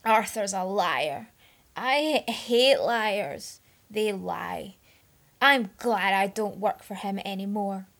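A woman voicing a hurt, furious young man who shouts and spits his words out in a story reading. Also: medium pitch, little pitch movement, fast talker, hardly any pauses, lightly acted. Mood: drunk, belligerent.

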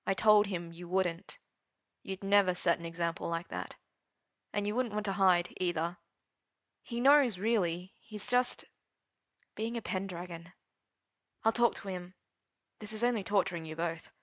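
A woman's voice: mid-range voice, a little slow, pauses often, fairly bright tone, no room sound, clean studio sound, natural voice. Woman reader as an apologetic young man, earnest and plain, storybook read-aloud.

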